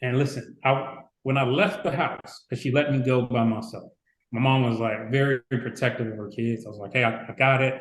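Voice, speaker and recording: A man's voice: medium pitch, normal speed. Roomy-sounding man in his forties. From Chicago, USA. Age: 40s. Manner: lively anecdote-telling, acting out quoted people. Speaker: guest. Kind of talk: casual storytelling interview. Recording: roomy echo.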